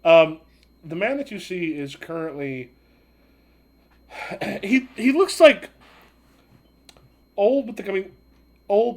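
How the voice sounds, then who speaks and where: A man runs a tabletop game as its game master, his voice sitting a little high. He narrates in a rambling, halting way, full of fillers and restarts.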